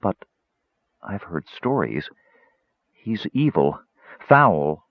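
Male reader playing a formal, devout young cleric woman, deep tone, dry muffled recording. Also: sing-song, very slow, no echo, full character voice. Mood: distressed. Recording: slightly muffled audio.

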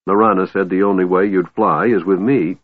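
A man's voice: deep voice, steady tone, a little fast. Grumbling stubborn old dwarf, as a man puts him on. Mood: grumpy. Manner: grumbling, blustering. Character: stubborn old male dwarf, gruff and proud. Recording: tinny phone-like band, dry.

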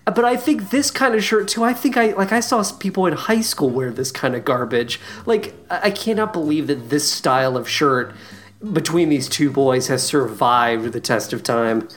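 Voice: medium pitch, moderate pace. A podcast co-host casually recapping a show, swearing often and ranting sarcastically. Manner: profane, sarcastic, animated ranting.

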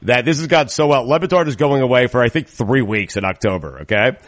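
A playful man hosts a podcast and floats ideas through loose, filler-heavy talk. His voice is mid-pitched. It sounds dry and close, with no room echo. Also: a little fast. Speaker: podcast host. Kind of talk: casual chat.

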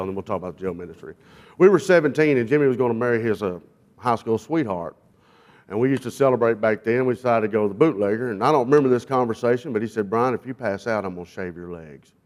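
A man's voice: medium pitch, fast, a little mellow. A man from South Arkansas, a guest jail minister giving a sermon testimony with humorous stories. He talks in a folksy, self-deprecating way with frequent fillers. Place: church.

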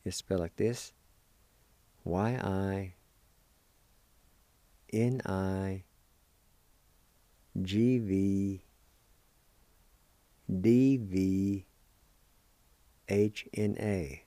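Slow, deliberate male language teacher. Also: low-pitched, fairly even intonation, mellow, no room sound. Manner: slow and deliberate, spelling words letter by letter. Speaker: host teaching Cherokee words. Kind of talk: radio language lesson.

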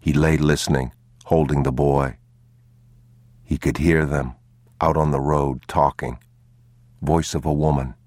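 A man narrating an audiobook in a slow, grave, measured manner. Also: rumbling low, flat delivery, a little mellow, dry recording.

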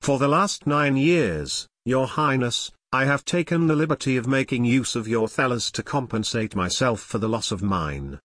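A man reading the lines of a shrewd, calm older banker in a measured, courteous way. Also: mid-range voice, no echo, clean studio sound.

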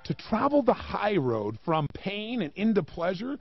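A man giving a motivational talk, emphatic and animated, with many rhetorical questions and a gravelly voice. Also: sits high, unhurried, muffled recording, soft background music. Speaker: motivational speaker.

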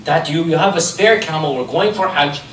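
A man's voice: a little high, moderate pace, reverberant, distant mic, a little hiss or hum, rough recording. A man giving a religious history lecture, telling stories with rhetorical questions. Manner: animated storytelling with rhetorical questions.

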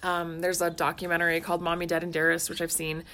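A mom in her thirties co-hosts a podcast, rambling loosely through casual chat, laughing often and leaning on "like" as a filler. Her voice is low, monotone, fast, pushed and bright.

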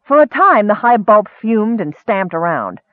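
A man narrating a fantasy story in a lively, expressive reading, recorded narrow and dry. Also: high voice, unhurried, no room sound. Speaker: audiobook narrator.

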